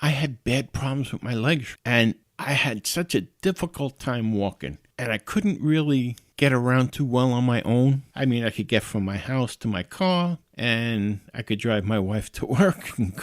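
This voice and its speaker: A man's voice: mid-range voice, moderate pace, hardly any pauses, no echo, studio quality. A man hosting a podcast, telling a personal story in a casual, conversational way and chuckling now and then. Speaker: podcast host.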